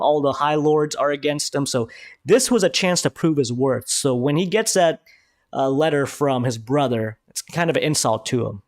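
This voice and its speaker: A man hosting a live review stream, talking excitedly in casual commentary and swearing freely. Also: on the high side, no echo, studio quality.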